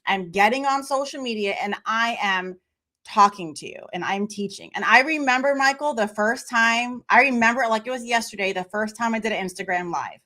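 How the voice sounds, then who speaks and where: A woman guest in casual conversation, talking in an animated way and acting out quoted voices. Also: a little high, a little fast. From Memphis, United States. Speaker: podcast guest.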